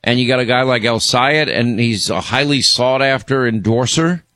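A man's voice: medium pitch, moderate pace, sharp tone, no echo. A man hosting a talk radio show, blunt and indignant, often stumbling over his words as he goes. His voice sits mid-range. It sounds close and dry, with no room around it. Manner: blunt, indignant, many restarts. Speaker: radio and podcast host.

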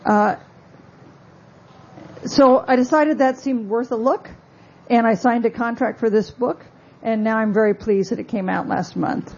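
A woman's voice: on the high side, measured pace, pauses often, darkish tone, dull audio. A woman author giving a conversational book talk, with wry asides and frequent fillers.

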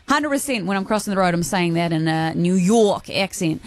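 A New woman hosting a late-night radio show, talking in a playful, chatty way at a medium pitch. Faint music runs beneath her voice in the studio. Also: brisk, hardly any pauses, no room sound. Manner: playful, chatty, laughs easily. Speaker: radio host. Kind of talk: casual radio chat.

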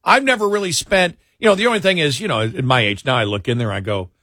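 Radio host, man from New York, bright and dry studio sound, rambling casual talk. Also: a little high, fast talker, dry recording. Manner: rambling, animated, mocks voices he quotes.

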